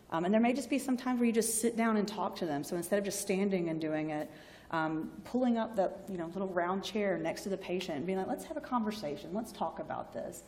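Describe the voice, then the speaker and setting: A woman's voice: mid-range voice, warm tone. Southern woman lecturing, hall reverb. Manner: chatty, frequently acts out patient and doctor voices. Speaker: university library staff presenter. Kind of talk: informal lecture.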